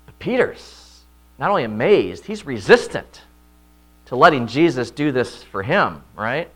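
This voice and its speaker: A man preaching an expository sermon, often checking in with listeners with "right?" and loudly voicing quoted lines. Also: medium pitch, sing-song, a little slow. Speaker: pastor.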